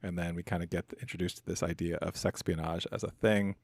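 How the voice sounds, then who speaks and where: A man co-hosting a podcast in easygoing conversation, hedging his points with fillers. His voice is very deep and gravelly, and the sound is close and dry. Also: fairly even intonation, fairly quick, darkish tone, no room sound. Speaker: podcast co-host. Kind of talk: casual chat.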